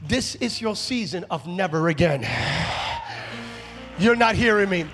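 A male preacher delivering a sermon to a live congregation, moving from quiet storytelling to shouted exhortation and calling out to the crowd. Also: high voice, animated, a little slow, soft background music. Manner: calls out to the congregation. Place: church stage before a live congregation.

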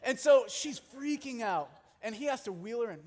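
A young man preaching a sermon in a conversational, animated way with jokey asides. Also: very high voice, normal speed, few pauses. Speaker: pastor. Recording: long hall reverb.

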